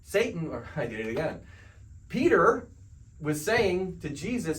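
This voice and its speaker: A man's voice: a little high, big pitch swings, unhurried, recorded from a distance, rough recording. A male counselor giving a spiritual self-help lecture in a conversational way, often putting rhetorical questions to his audience.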